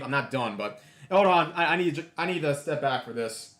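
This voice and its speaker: A man hosting a casual livestream, talking over a map and reading out numbers, excitable and often repeating himself. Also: fairly high pitch, a little fast, a little hiss or hum. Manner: excitable, exclamatory, repeats phrases. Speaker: livestream host.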